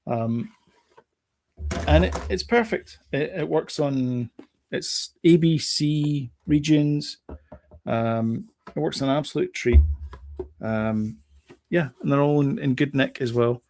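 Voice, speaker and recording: Gravelly laid-back British man. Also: a little high, slow, a little mellow, a little hiss or hum. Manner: chatty, laid-back, repeats phrases. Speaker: show co-host. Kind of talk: casual chat.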